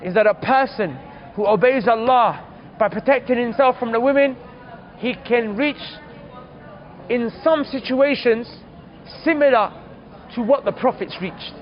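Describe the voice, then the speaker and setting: A man's voice: very high-pitched, measured pace, pauses often, dull audio. A man preaching, telling a story earnestly and calling his listeners brothers. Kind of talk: storytelling sermon.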